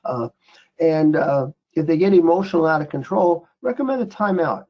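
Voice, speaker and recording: Older man, slightly high voice, rambling anecdotes with lots of restarts, muffled call sound. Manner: rambling, halting with many restarts. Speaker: featured guest speaker, former investigator. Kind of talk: storytelling on a recorded group call. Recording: dull lo-fi call audio.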